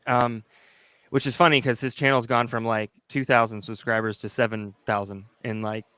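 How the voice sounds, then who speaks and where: A man's voice: medium pitch, flat delivery, moderate pace, bright, forceful tone, clean tone, dry recording. A man co-hosting a casual livestream, playful and self-mocking, laughing easily. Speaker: co-host.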